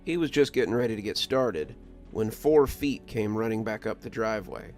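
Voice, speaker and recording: A man reading a scripted first-person story in a calm, measured manner. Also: on the low side. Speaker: narrator. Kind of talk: scripted horror story narration. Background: soft music.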